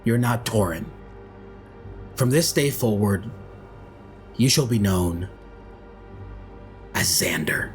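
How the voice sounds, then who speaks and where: A man's voice: lowish voice, lively intonation, takes it slowly, pauses often, faint music behind, voice pushed down. A man voicing a coaxing old male villain who speaks as a father figure. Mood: menacing. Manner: coaxing, soothing, menacing.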